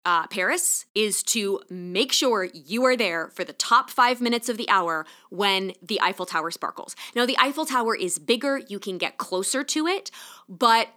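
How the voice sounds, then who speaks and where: Bright-toned enthusiastic woman podcast host. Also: medium pitch, lively intonation, normal speed. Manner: enthusiastic, chatty, gets emotional and choked up. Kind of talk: solo podcast monologue.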